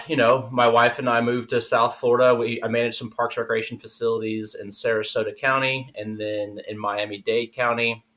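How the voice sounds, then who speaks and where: Bright-voiced man from South Texas. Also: mid-range voice. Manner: easygoing, explains with fillers. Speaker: guest, nonprofit engagement manager. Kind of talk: conversational podcast interview.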